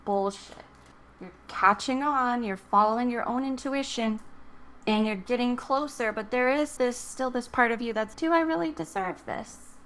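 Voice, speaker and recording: A woman's voice: a little high, fairly bright tone, smooth. A woman giving a casual, encouraging tarot reading to camera, chatting and thinking aloud as she goes. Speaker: tarot reader.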